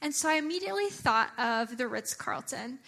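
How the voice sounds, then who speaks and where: A young adult woman giving a chatty, animated church talk, often using filler words. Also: sits high, fairly quick, creaky. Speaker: church speaker.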